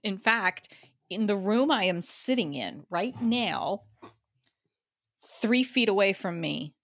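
A woman co-hosting a casual fan podcast from a room at home, making dry, unhurried asides. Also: medium pitch, lively intonation, a bit bright, no echo. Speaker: podcast co-host. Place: home room with comic book cases.

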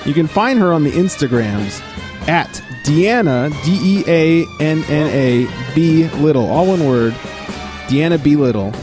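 A man hosts a laid-back beer-tasting podcast, cracking jokes and rattling off ratings. His voice swings widely in pitch. Faint music plays under the talk. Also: unhurried. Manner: animated, jokey, reads beer stats. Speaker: podcast co-host. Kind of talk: casual beer-tasting chat.

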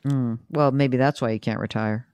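A woman's voice: a bass voice, fairly even intonation, normal speed, darkish tone, clear, resonant tone, no room sound, clean studio sound. A middle-aged woman hosting a call-in money show, chatty and joking as she questions a caller. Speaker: host.

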